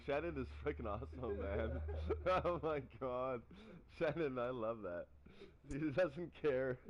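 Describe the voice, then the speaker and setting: A man chatting casually on a live stream, telling stories in an animated way and acting out what people said. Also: medium pitch, dull audio. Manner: animated storytelling, acts out quotes. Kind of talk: casual chat.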